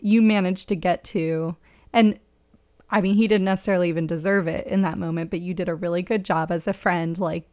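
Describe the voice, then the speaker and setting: A woman's voice: fairly low pitch, gravelly, dry recording. Reflective woman hosting a chat. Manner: reflective, warm affirmations, many restarts, laughs easily. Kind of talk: casual conversation. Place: her own home.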